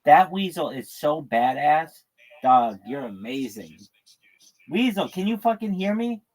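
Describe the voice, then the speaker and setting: A man hosting a livestream, casually greeting callers with loud, hyped, slangy talk. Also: on the high side, very animated, unhurried, low-quality recording. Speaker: livestream host.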